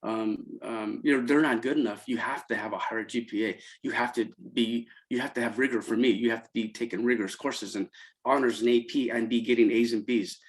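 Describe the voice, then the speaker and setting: A middle-aged man talks through his memories as an interview guest, stopping and restarting often. His voice is mid-pitched, and it jumps up when he quotes the students. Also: fairly even intonation, low-quality recording. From Central California. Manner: halting, many restarts and fillers, voice rising when quoting students. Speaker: interview guest, college program founder. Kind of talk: emotional conversational storytelling.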